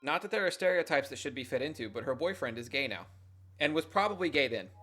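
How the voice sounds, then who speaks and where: A young man streams and tells a meandering story to his chat, full of swearing and jokes at his own expense. His voice is bright and forceful, with a little game music playing faintly underneath. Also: medium pitch, expressive, fast, slightly rough. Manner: rambling, profane, self-mocking.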